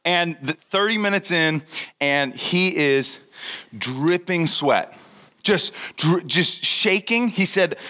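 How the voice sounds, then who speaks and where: A young man telling a funny story in a talk, animated and laughing, acting out what people said. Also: a little high, slow pace. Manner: animated, laughing, acts out quotes. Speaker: speaker giving a talk.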